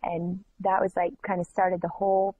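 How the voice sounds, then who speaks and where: A woman's voice: lowish voice, level tone, normal speed, slightly rough, no echo. A woman worship leader giving an emotional personal testimony, telling her story earnestly with many fillers. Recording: dull, slightly lo-fi dry recording.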